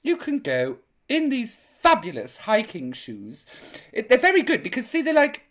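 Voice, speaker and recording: A woman hosting a live online chat show, camp, theatrical and gossipy in her comic banter. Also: fairly high pitch.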